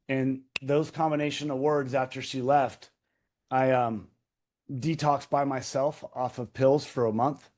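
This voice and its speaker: This thirtysomething podcast guest has a darkish, mid-range voice with fairly even intonation, and he talks a little slowly. In the interview he shares an intense, raw story from his own life, repeating key phrases emphatically and cursing along the way.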